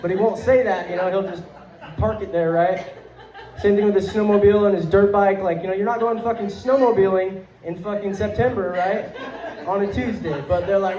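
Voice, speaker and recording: A young male comedian with a fairly high voice rambles through a stand-up set, piling up fillers and swear words and chuckling at his own lines. The sound comes from a handheld mic in a roomy club and is a bit dull. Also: steady tone, brisk, a crowd in the background. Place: comedy club stage before a live audience.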